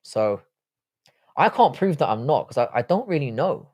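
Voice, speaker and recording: A man's voice: mid-range voice, sing-song, normal speed, a little mellow. A man hosting a casual live stream, reading out viewer chat and answering it with loose, profane talk. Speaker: livestream host.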